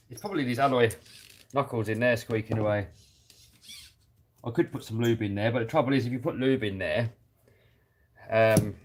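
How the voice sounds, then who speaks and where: A British man hosting an RC hobby YouTube live stream works on a radio-controlled car while reading out viewer comments and laughing easily. His voice sits at medium pitch, with a little hiss or hum in the audio.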